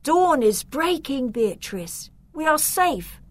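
A woman's voice: sits high, very animated, slow, no echo, pitched above the performer's own voice, heavily acted. A woman voicing a brave young boy in a storybook reading, speaking earnestly.

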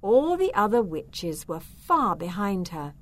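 Slow, expressive woman storyteller. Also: medium pitch. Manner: expressive, unhurried. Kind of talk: children's story reading.

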